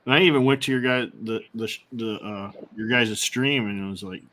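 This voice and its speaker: A man in casual chat, telling stories in a relaxed way with plenty of restarts. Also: fairly low pitch, brisk. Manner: relaxed storytelling with fillers and restarts. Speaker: co-host.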